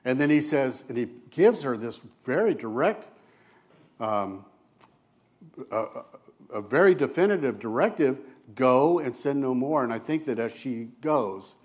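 A man preaching a sermon as a church elder, speaking earnestly and turning quiet and soft when he voices gentle quoted words. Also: mid-range voice, sing-song, a little slow.

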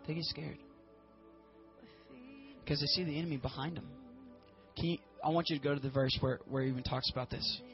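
A male preacher giving a casual, animated sermon and addressing the congregation directly. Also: on the high side, a little fast, long pauses, lo-fi sound, faint music behind.

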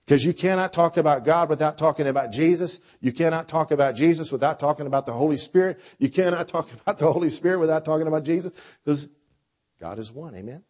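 A man preaching a sermon with a conversational style, dropping to quiet lines and rising to loud, drawn-out phrases. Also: mid-range voice. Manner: preacher with a dynamic delivery, swinging between soft and loud. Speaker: pastor.

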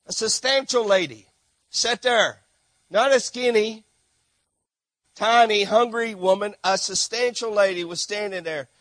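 A middle-aged man preaching with a high, bright voice, with a tone that sits above most men's. He tells his stories animatedly, dropping to hushed asides and then rising to shouts. The sound is dry and close, with almost no room echo. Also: measured pace. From Texas. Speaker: missionary preacher. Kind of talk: sermon.

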